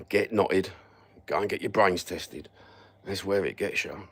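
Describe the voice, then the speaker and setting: A man's voice: low-pitched, moderate pace, vocal fry, a bit bright, breathy edge. A Cockney man ranting sarcastically and swearing constantly as he chats on a live stream. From London. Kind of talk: casual live-stream rant.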